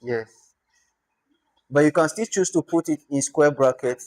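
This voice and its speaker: Nigerian-accented language instructor, informal lesson, drills pronunciation by repeating words slowly. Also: mid-range voice, darkish tone, low-quality recording. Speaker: language teacher.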